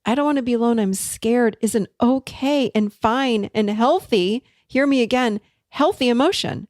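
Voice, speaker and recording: A middle-aged woman therapist telling a client story in a casual teaching talk, animated and emphatic. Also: on the high side, normal speed, no room sound, studio quality. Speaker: therapist and podcast host.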